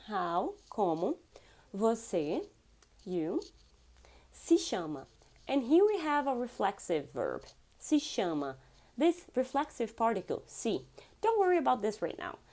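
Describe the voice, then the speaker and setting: A woman teaching a beginner language lesson, repeating words slowly for learners. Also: high voice, a little mellow. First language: Portuguese.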